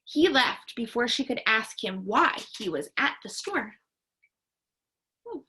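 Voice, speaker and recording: Bright, lively woman teacher reading aloud. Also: fairly high pitch, slight background noise. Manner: pauses to ask the class questions. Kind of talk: read-aloud to students.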